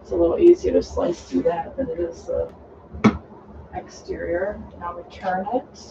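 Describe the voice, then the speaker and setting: Relaxed sewing teacher, heard from afar. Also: mid-range voice, normal speed, gravelly, heavy background noise. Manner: relaxed, instructive, talking while cutting fabric. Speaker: sewing tutorial host. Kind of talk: casual step-by-step sewing tutorial. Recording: distant dull lo-fi sound with faint room ambience.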